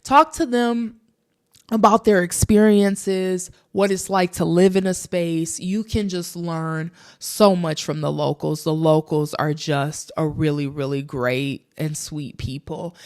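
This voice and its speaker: A young woman vlogging, telling a travel story casually and animatedly to her viewers. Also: fairly low pitch. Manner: animated, addresses viewers as y'all.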